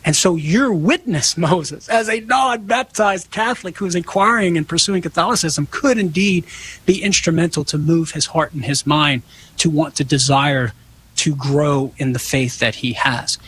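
A man's voice: a little high, normal speed, a bit bright, slight background noise, poor audio. A man on a call-in radio show answering callers' questions in an earnest, explanatory way. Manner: earnest, explanatory, acts out example dialogue.

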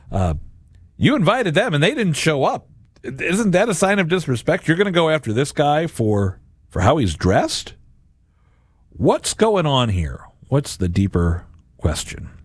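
The recording is dry with clean studio sound, carrying a man's mid-range voice. As host of a Catholic radio and podcast program, he shares a reflection resembling a homily, lively in manner and acting out imagined voices.

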